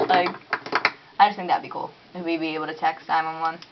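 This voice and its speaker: A young woman telling a story in a casual vlog at home, animated and chatty, full of "like" and "dude", acting out her own panic. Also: low voice, fairly quick, highs cut off.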